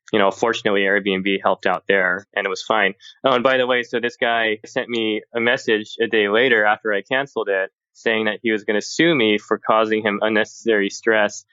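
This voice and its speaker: Man, guest, lowish voice, forceful and bright, dry close sound, dull lo-fi audio, animated storyteller. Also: no echo. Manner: animated, acts out quoted exchanges. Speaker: guest, tech journalist. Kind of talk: casual storytelling in conversation.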